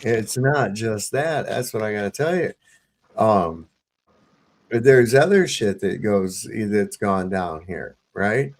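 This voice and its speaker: Host, male, gravelly voice, profane rambling storyteller on a home live stream. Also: lowish voice, animated, slow pace, a little hiss or hum. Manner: profane, rambling, with many fillers and restarts. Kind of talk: casual storytelling to a live panel.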